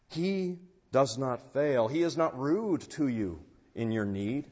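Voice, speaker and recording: Slow husky male preacher in reverb. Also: a little high. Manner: slow, earnest preaching that swells on key phrases. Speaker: pastor. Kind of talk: sermon. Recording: dull sound with long church reverb.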